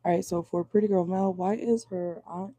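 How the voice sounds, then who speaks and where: A hoarse woman whose voice is going out, chatting casually as she reads viewer comments during a live tarot reading. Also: fairly low pitch, fairly even intonation, normal speed, dark tone, slight background noise. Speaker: tarot reader. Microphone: phone or laptop in a car.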